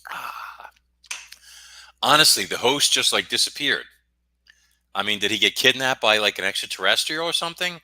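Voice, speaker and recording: A man's voice: lowish voice, animated, moderate pace, pauses often, bright, forceful tone, dry recording. A middle-aged American man, a guest author, talking in a rambling, jokey and self-deprecating way on a casual podcast. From United States.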